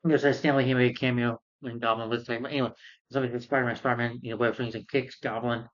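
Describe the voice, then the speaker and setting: A man's voice: medium pitch, level tone, racing, dull audio. A man giving a casual spoken film review. He retells the plot in a loose, rambling way and acts out the characters' lines as he goes.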